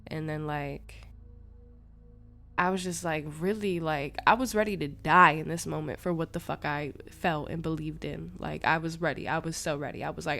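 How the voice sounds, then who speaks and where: A woman's voice: sits low, normal speed, creaky. Young woman telling a raw story. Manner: animated, slangy, swears freely. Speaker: podcast host. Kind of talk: casual storytelling monologue.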